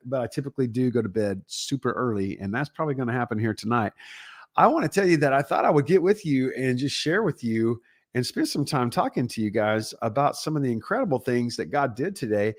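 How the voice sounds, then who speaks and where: A middle-aged pastor with a Texan accent talks casually to his livestream viewers from home, rambling and upbeat as he greets them one by one. His voice sits at an ordinary middle pitch. The sound is dry and close, with no room echo. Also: expressive, brisk.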